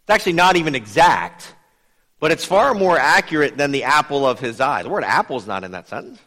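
A man teaching a Bible study in a lively, conversational way, putting questions to his listeners. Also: fairly high pitch, fairly quick, big-room sound. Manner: lively, asks the audience questions.

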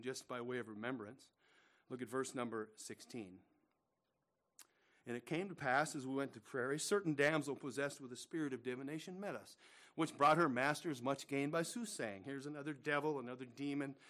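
A male pastor delivers a sermon in a fairly high voice. He is emphatic and repeats himself, swinging between loud declarations and hushed asides.

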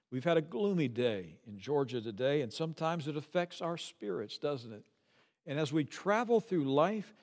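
A man's voice: fairly high pitch, darkish tone. A middle-aged man preaching a sermon as pastor, earnest, rising to pleading cries when he voices a prayer. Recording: long hall reverb.

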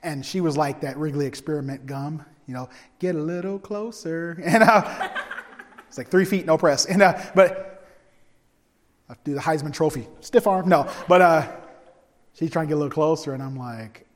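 Man, preacher, humorous storytelling sermon, loud-to-hushed swings, echoing hall. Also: fairly high pitch, normal speed. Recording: long hall reverb.

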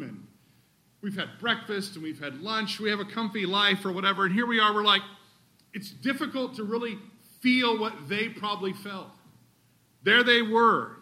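Bright-voiced emphatic male preacher. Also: high voice. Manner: emphatic, rhetorical questions to the congregation. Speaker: pastor. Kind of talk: sermon. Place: church sanctuary.

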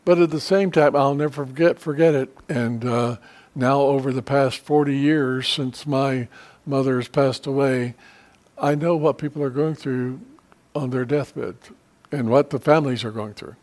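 A man's voice: mid-range voice, fairly even intonation, moderate pace, darkish tone. A middle-aged man teaching a church Bible study in an earnest, conversational way, with frequent restarts and fillers.

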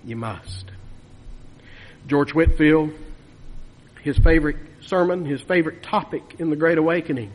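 A man preaching a sermon with emphatic delivery, rising to loud urging and dropping to hushed lows. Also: normal speed, pauses often. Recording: long hall reverb.

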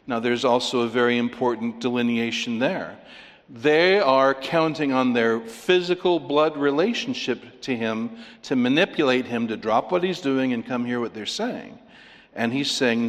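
Man, preacher, sermon, emphatic, animated, medium pitch, long hall reverb. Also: a little slow.

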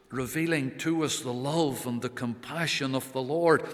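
A male preacher giving a sermon, earnest, swelling on key words and then dropping to a hush. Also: medium pitch, measured pace. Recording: long reverb of a large church.

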